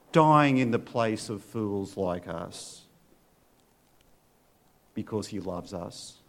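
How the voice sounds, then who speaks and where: An earnest male pastor delivering a sermon and leading prayer. He speaks slowly and deliberately, at a middle pitch, letting each phrase land. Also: creaky. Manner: earnest, slow and deliberate preaching. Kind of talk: sermon with storybook readings and prayer.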